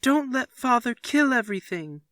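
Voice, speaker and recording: A man's voice: very animated, moderate pace, fairly bright tone, no echo, clean studio sound, full character voice. A man voicing young children who wail and shriek their pleas in a story reading. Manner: shrill wailing pleas.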